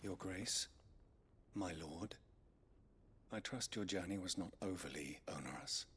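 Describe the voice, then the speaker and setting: An actor playing a loyal, courtly scholar-aide in a video game, speaking with formal deference. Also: male voice, sits low, measured pace, fairly bright tone, breathy edge, full character voice. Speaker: game character. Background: game music.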